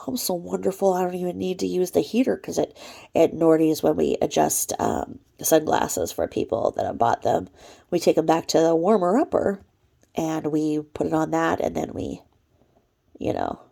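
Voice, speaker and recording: Woman vlogging to camera, real gravelly voice, rambly and chatty, goes whispery sometimes. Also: deep voice, dark tone. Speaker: channel host. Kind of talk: casual vlog commentary.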